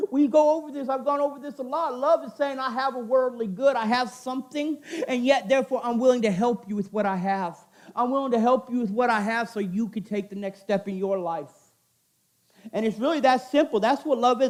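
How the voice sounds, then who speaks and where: A very high-pitched middle-aged man delivers an informal sermon. His talk is earnest and conversational, and he circles back over his points again and again. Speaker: chapel speaker.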